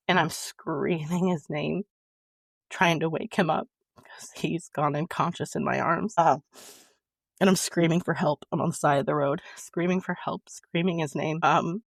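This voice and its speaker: A woman's voice: deep voice, gravelly, no room sound, clean studio sound. A woman, a podcast guest, telling a personal story in an earnest, emotional way that halts and restarts often.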